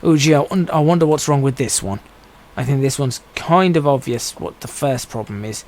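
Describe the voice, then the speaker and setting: A man's voice: mid-range voice, normal speed, darkish tone, rough recording. Man musing aloud over gameplay. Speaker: gaming streamer. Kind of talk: casual gameplay commentary.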